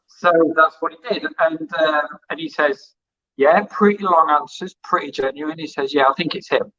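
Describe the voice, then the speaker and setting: Speaking at normal speed in a slightly high, pushed and bright voice, this man spins meandering stories during a relaxed interview, performing the lines he quotes. He interviews musicians and once hosted hospital radio, and the highs in the recording are cut off.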